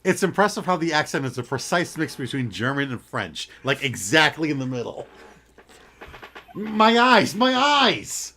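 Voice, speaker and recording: A man's voice: medium pitch, fairly quick, few pauses, pushed and bright, slight background noise. A man co-hosting a game playthrough, teasing dryly and coaching his sister's line readings. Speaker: let's play co-host. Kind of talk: casual chat while playing a game.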